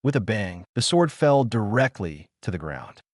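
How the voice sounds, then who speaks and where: Male audiobook narrator; low pitch, expressive swings, dry close sound. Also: normal speed, no room sound. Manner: reads all characters in one voice with few changes. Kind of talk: scripted narration.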